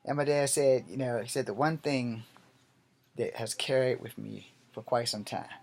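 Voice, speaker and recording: Man, storytelling vlog, animated, profane, swings loud and soft, mid-pitched. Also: moderate pace, vocal fry. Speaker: martial arts vlogger.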